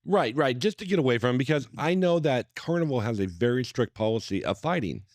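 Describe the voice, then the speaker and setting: A middle-aged man co-hosting a casual chat, telling an animated story, swearing a lot and acting out what people said. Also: mid-range voice, brisk, no room sound, studio quality. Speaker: podcast co-host. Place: cigar lounge.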